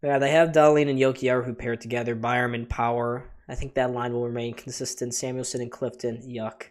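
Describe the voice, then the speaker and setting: A man's voice: mid-range voice, little pitch movement, brisk. Chatty man calling live hockey play-by-play. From Buffalo area, USA. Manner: chatty, talks to his chat as "folks". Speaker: livestream host. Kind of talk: live play-by-play reaction commentary.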